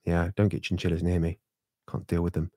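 Fast-talking rambling man. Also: deep voice, completely flat delivery, mellow, no room sound, studio quality. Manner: rambling, fast, many restarts. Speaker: podcast co-host. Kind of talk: casual chat.

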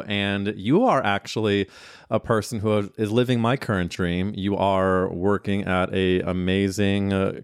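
A man's voice: on the low side, clean tone, no echo, studio quality. A man hosting a podcast in casual chat, campy and teasing. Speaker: podcast host.

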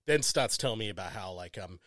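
A man's voice: lowish voice, animated, fast talker, a bit bright, no room sound. A man telling a crude story in casual chat, swearing constantly and laughing a lot.

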